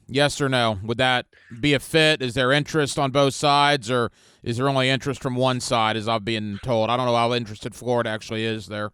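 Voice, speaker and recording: A man hosting a radio sports talk show, brisk, firing off quick questions at his guest. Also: mid-range voice, a bit bright, clean tone, no room sound.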